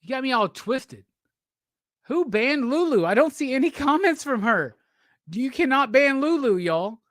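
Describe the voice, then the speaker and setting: A man's voice: extremely high pitch, lively intonation, unhurried, a bit bright, no echo, clean studio sound. A man hosting a casual livestream chat, drunk, profane and teasing as he rambles. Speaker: livestream host.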